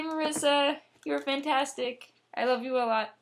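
A woman's voice: sits high, steady tone, normal speed, slight background noise. A young woman giving a rambling, giggly birthday message to a friend in a casual way.

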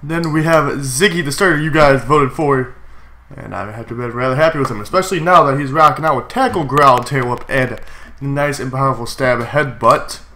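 A young man with a stuffy, congested voice talks through his game in chatty Let's Play commentary. His tone is bright, and he yelps suddenly at surprises. Faint background noise sits under the desktop mic. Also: mid-range voice, moderate pace. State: congested from a cold. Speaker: gaming YouTuber.

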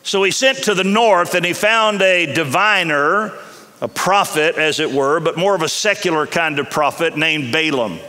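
A middle-aged man with a slightly high, sharp voice preaches a sermon in a university chapel at a moderate pace. He tells a story animatedly, acting out the voices, and the chapel hall gives a long reverb.

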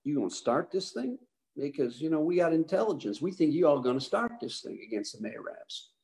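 A man doing an impression of a blunt, folksy older Texan president with a drawling Texas accent, lower and quieter than his own voice. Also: big pitch swings, brisk. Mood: blunt warning.

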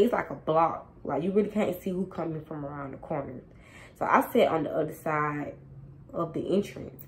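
A young woman casually telling a storytime to her viewers, animated and slangy, talking straight to them. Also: low-pitched, low-quality recording. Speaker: storytime vlogger.

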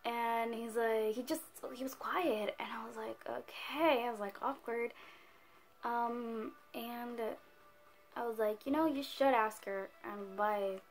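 A teenage girl telling a storytime in a chatty, animated way, full of "like" and "whatever". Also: a little high, a little slow, soft background music. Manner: chatty, animated, heavy use of "like". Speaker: vlogger. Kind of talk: casual storytime.

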